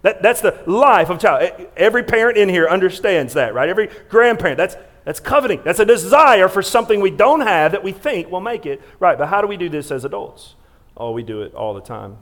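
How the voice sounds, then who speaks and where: A male pastor preaching a sermon in a church sanctuary. He preaches with emphasis, repeats and restarts words, and swings between loud stressed lines and quiet, hushed ones. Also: sits high, lively intonation, fast.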